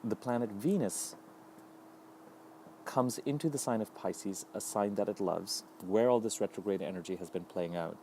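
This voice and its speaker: Low mellow-voiced man talking astrology. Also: a little hiss or hum. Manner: thoughtful, unhurried, lists ideas in repeated phrases. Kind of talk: solo astrology update talk.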